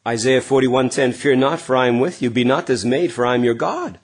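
A middle-aged male pastor preaching earnestly, swinging from emphatic lines to hushed, quiet passages. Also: mid-range voice, brisk, slightly rough. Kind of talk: sermon.

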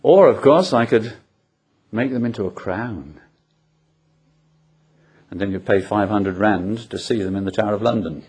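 A man's voice: on the low side, normal speed, long pauses, a little mellow, slightly rough. A man preaching an expository sermon, asking the congregation rhetorical questions and illustrating points with personal anecdotes.

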